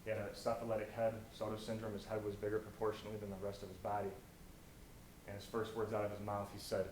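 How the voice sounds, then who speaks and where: A young American man giving an inspirational stage talk, telling stories and swinging from hushed to loud. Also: on the low side, monotone, fast. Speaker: motivational speaker. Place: college auditorium. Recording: echoey auditorium, faint noise.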